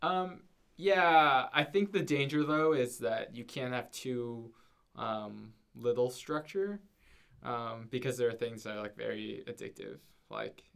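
A man's voice: medium pitch, lively intonation, measured pace, vocal fry, fairly bright tone, clear, resonant tone. A young man co-hosting a casual podcast, talking in a hesitant way with many fillers and restarts and ending points with "right?". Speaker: podcast co-host. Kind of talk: casual conversation.

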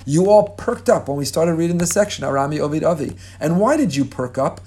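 Animated man giving a Torah class. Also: a little high, a little fast, breathy edge. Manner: animated, expressive, with humorous asides to listeners; chants Hebrew verses, then translates them. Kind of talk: lively Torah lecture.

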